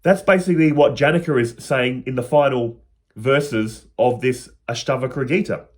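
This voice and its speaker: A man's voice: medium pitch, normal speed. A man explaining spiritual teachings to his viewers in an earnest, personal, plain-spoken way.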